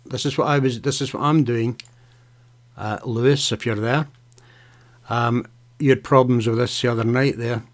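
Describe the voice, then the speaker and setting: A man hosting a live software tutorial, chatting casually as he clicks through steps, often saying "okay" and "right". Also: medium pitch. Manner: casual, talks to viewers by name, fillers and okays. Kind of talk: live screen-share tutorial.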